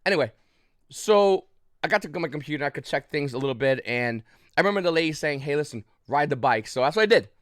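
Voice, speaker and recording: A man's voice: a little high, animated, fast, fairly bright tone, no echo, studio quality. A man casually recounting a story to the camera, rambling with restarts and short of breath, with frequent coughs. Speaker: YouTube channel host.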